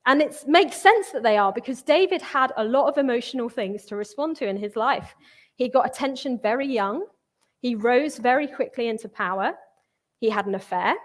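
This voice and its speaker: A woman's voice: on the high side, moderate pace. A young woman, preaching in a church in a conversational way and reading scripture with feeling. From England. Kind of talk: sermon.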